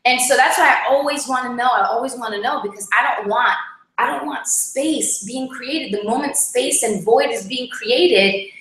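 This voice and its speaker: Współprowadząca, kobieta, swobodnie rozmawia o związku i wciąż wtrąca "like" i "right?". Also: female voice, a little high, moderate pace, a bit bright. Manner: chatty, lots of "like" and "right?". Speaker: co-host. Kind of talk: casual couples chat. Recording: very echoey room.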